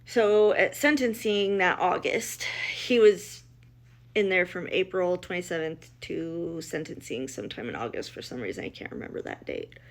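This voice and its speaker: A middle-aged woman, a mother, relates her family's story in an animated, low voice at a moderate pace. Blunt and emotional, she acts out what others said and restarts many times.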